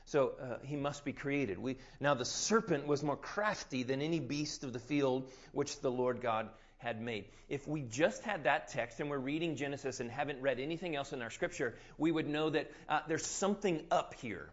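A male preacher tells a scripture story with animation, acting out scenes and pulling his listeners in. His voice sits at a middle pitch and comes through a slightly muffled, dull recording. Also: normal speed, few pauses. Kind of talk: sermon.

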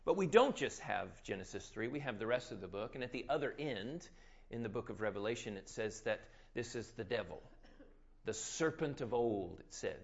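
Animated storytelling male preacher. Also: medium pitch, moderate pace, gravelly, muffled recording. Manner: animated storyteller, acts out scenes. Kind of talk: sermon.

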